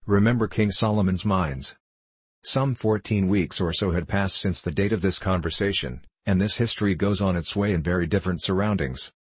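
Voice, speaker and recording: A man reading an audiobook in a measured storytelling way. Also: low voice, slightly rough, no echo. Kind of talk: audiobook narration.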